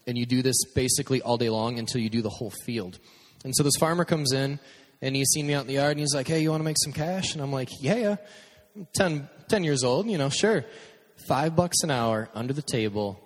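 A man's voice: medium pitch, fast talker. A man preaching a casual storytelling sermon as pastor, joking and acting out his own stories. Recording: long hall reverb.

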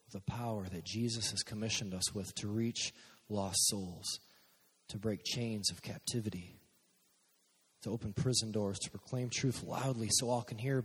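A man's voice: lowish voice, slightly rough. A man preaching a conversational sermon to young listeners, speaking directly to them. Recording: long hall reverb.

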